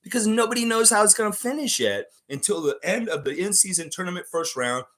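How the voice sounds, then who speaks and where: A man's voice: high-pitched, brisk. Man ranting heatedly, voice leaping around. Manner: excitable, emphatic. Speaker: host of a fan basketball show. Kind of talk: live sports preview rant.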